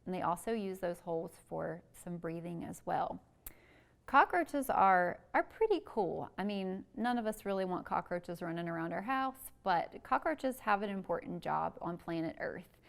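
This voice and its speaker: A woman's voice: fairly low pitch, animated, normal speed, vocal fry. A young woman, a museum educator, reading a picture book aloud to children with sing-song animal sounds, then talking about insects. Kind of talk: children's story time reading and talk.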